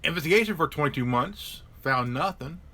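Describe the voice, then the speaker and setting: A man in a loose, unscripted political chat on a live stream. His voice sits a little high and sounds bright and forward. He keeps restarting his sentences and repeating words as he talks. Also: expressive, brisk, slight background noise.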